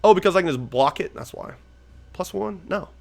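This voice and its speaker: A man's voice: high voice, animated, fairly quick, gravelly. A young man giving casual, profane gameplay commentary as he plays a card game, rambling and thinking aloud. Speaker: gaming YouTuber.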